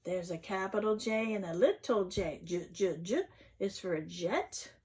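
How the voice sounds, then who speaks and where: A woman's voice: medium pitch, darkish tone. A woman reading an alphabet picture book aloud to young children, sounding out each letter and gasping with delight when she lifts the flaps. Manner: slow, sing-song phonics sounding out, gasps at flaps. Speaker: children's read-aloud host.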